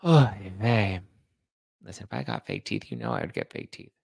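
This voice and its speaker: A man's voice: sits low, huge pitch swings, normal speed, creaky, a little mellow, husky, no echo. A young man hosting a podcast livestream, chatting casually and reading out viewer comments, with a slight lisp. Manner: chatty, rambling, self-deprecating. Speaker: podcast host reading live chat.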